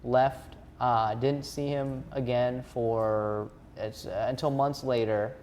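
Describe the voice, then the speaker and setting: A man in his thirties, a stand-up comedian from Atlanta, telling an animated story as a podcast guest. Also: medium pitch, slow pace, slight background noise. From Atlanta, United States. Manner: animated storyteller, acts out quotes. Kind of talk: podcast anecdote.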